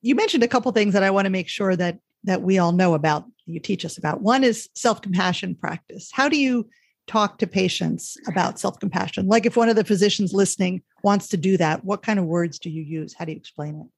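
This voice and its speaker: A woman hosts a podcast interview and explains ideas calmly. Her voice sits at a middle pitch. The recording is dry. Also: a little fast, creaky, breathy edge, no room sound. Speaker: podcast host.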